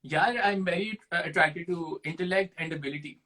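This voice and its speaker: A young man from Pakistan, a talk show guest, answering rapid-fire questions in a casual, self-deprecating way, often thinking aloud. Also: fairly high pitch, pushed and bright, rough recording.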